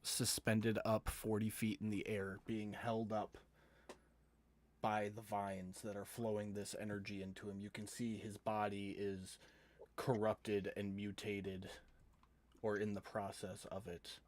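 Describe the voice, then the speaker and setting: A man narrating as game master of a tabletop game, calmly describing the scene. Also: lowish voice, unhurried. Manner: calm, descriptive scene-setting.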